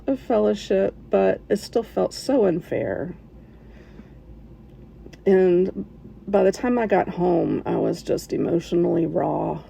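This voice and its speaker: A woman telling a personal story as a podcast listener, in an emotional, halting way with soft laughs. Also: lowish voice, creaky, poor audio.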